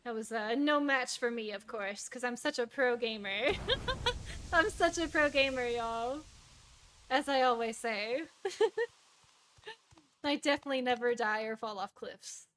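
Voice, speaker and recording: A woman streaming a game, chatting in an excitable, giggly and self-mocking way. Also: fairly high pitch, unhurried, pauses often, slight background noise. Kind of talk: live gameplay commentary.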